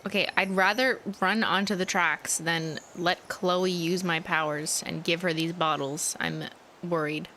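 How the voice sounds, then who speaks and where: A woman's voice: lowish voice, fairly even intonation, unhurried, pushed and bright, slight background noise. A young woman streaming a story game live, chatting playfully, giggling and reacting aloud to what happens. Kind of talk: live gameplay commentary.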